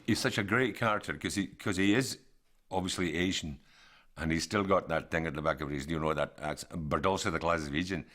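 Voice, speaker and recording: A man speaks in a very deep voice, musing through anecdotes in a documentary interview. He is relaxed and conversational. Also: a little fast. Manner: reflective, anecdotal.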